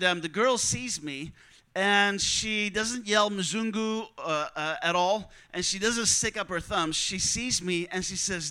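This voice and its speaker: A high, bright man's voice with a clean, smooth tone tells a personal testimony. He tells it like a lively storyteller and slips into the voices of the people he quotes. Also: low-quality recording. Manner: vivid storyteller who acts out quoted dialogue. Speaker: speaker telling a mission testimony.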